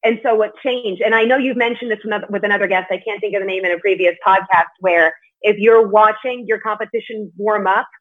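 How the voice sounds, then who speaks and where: A woman's voice: medium pitch, steady tone, quick pace. A woman guest in a casual interview, speaking candidly and chattily and swearing now and then. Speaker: podcast guest, martial arts competitor. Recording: tinny phone-like line.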